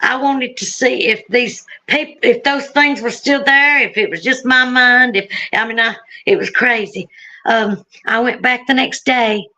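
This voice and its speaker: A woman's voice: on the high side, measured pace, bright, forceful tone, poor audio. A woman from Alabama with a Southern accent, telling her story in a chatty, rambling way with frequent laughs. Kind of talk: casual storytelling on a live stream.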